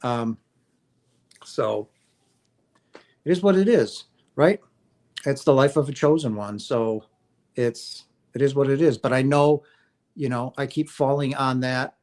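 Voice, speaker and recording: A man's voice: mid-range voice, measured pace, long pauses, darkish tone. A middle-aged man hosting a livestream, talking casually and earnestly about spiritual experiences in a rambling, affectionate way. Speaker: livestream host.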